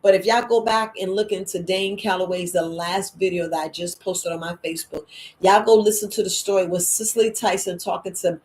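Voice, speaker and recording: A middle-aged woman, hosting a wellness podcast in a lively, emphatic monologue. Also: a little fast. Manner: lively and emphatic, with quoted voices and sudden high exclamations. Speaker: herbalist and podcast host. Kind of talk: casual spoken monologue.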